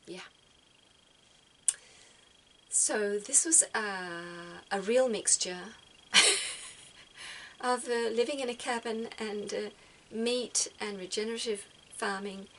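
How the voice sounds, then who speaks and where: Soft-spoken woman giving gentle advice. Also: on the high side, unhurried, few pauses, a little hiss or hum, poor audio. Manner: soft-spoken, repeats words as she thinks. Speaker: spiritual vlogger giving advice. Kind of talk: gentle reflective talk.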